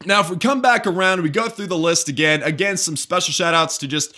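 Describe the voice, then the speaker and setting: A man's voice: a little high, brisk, pushed and bright. A man commentating game replays for his channel's viewers, enthusiastic and chatty, calling them guys. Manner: enthusiastic, addresses viewers as guys, frequent restarts. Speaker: gaming YouTuber commentating war replays.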